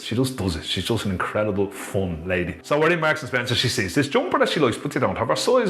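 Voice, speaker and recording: A man with a Dublin Irish accent telling a personal story to viewers in a chatty, animated vlog. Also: on the low side, fast, few pauses. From Ireland. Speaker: author and motivational storyteller.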